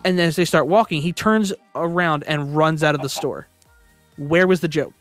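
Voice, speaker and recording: A man's voice: on the high side, moderate pace, faint music behind. A man streaming live, chatting casually and rambling with frequent restarts, sounding exasperated. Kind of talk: casual livestream chat.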